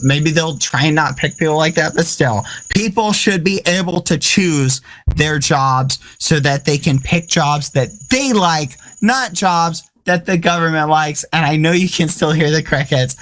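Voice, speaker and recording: A man's voice: fairly high pitch, a little slow. Incredulous young man in a mock debate. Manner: incredulous, animated, laughs often. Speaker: debater on a comedy talk show.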